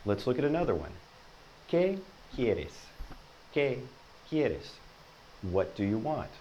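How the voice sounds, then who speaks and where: A man teaching a Spanish lesson, patiently explaining and repeating each example sentence slowly and encouragingly. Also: mid-range voice, very animated, highs cut off, background noise.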